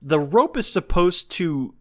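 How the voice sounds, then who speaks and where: A man's voice: high voice, sing-song, measured pace, a bit bright. A man co-hosting a podcast, chatting casually and asking curious questions. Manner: curious, asks questions, laughs along. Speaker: podcast co-host. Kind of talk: casual conversation.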